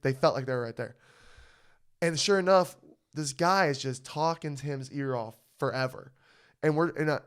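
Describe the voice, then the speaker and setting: A man co-hosting a podcast, telling a story in casual chat, animated and swearing, often asking "you know what I mean". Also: on the high side, clean tone. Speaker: podcast co-host.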